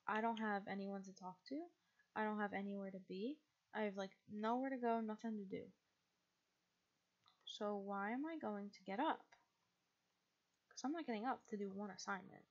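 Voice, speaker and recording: A woman's voice: mid-range voice, normal speed, pauses often. Tired rambling teenage girl streamer. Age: teens. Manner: rambling, self-deprecating, tired. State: sleepy, yawning. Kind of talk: casual gaming stream chat. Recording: slightly muffled stream mic.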